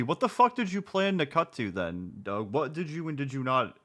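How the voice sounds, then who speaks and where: A man's voice: a little high, big pitch swings, brisk, hardly any pauses, sharp tone. A man in his twenties streaming, reacting to a video with sarcastic, profane commentary. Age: 20s.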